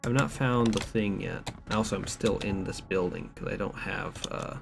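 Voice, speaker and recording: Keyboard typing and background noise accompany a young man's casual let's-play stream from home. He jokes around and rambles through the game's notes aloud in a lowish, creaky voice at a moderate pace.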